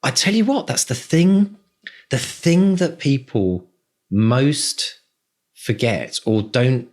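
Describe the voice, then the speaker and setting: Male podcast co-host, rambling, lots of restarts, lively intonation. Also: medium pitch, slow pace. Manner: warm-hearted, rambling, many restarts. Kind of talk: casual podcast chat.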